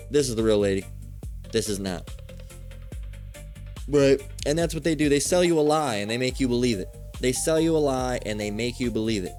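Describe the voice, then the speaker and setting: A man delivers a fervent religious lesson in a mid-range voice, full of profanity and repeated "all right?" check-ins. His talk runs loose and conversational, like a street preacher. Faint music plays softly behind him. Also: medium pitch. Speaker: religious teacher.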